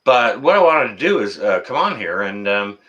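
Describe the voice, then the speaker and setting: A man's voice: lowish voice, sing-song, moderate pace, pushed and bright, lo-fi sound. A middle-aged man, hosting a casual live stream, reading the chat and answering viewers by name in a folksy, teasing way.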